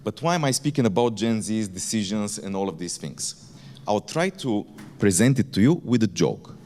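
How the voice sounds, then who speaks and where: A man's voice: fairly low pitch, animated, moderate pace, mellow, faint music behind. A man, a company founder, giving a candid keynote talk in a conference hall, with blunt language. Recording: reverberant conference hall, faint ambience.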